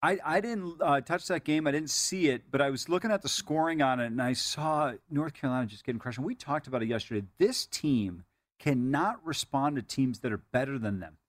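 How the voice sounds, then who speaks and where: A man co-hosting a sports betting show, talking rapidly and with strong opinions in casual chat. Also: medium pitch, lively intonation, dry recording, studio quality.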